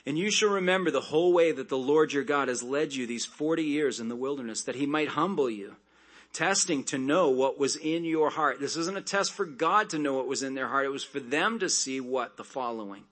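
A man preaching a sermon, reading scripture aloud and breaking off into conversational asides and quick jokes. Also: medium pitch, a bit bright. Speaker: pastor.

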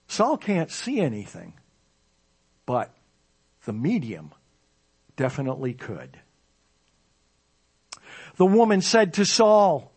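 High-voiced, slow-preaching man. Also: sing-song. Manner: expository preaching with dramatic scripture reading. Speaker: pastor. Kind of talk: sermon.

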